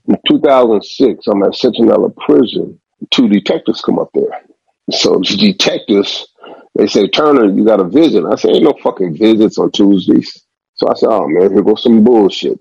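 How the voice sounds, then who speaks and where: A man's voice: on the low side, gravelly, darkish tone, husky, no room sound. A man telling a long story in a rambling, profane street manner as a podcast guest. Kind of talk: storytelling interview. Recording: dull lo-fi sound.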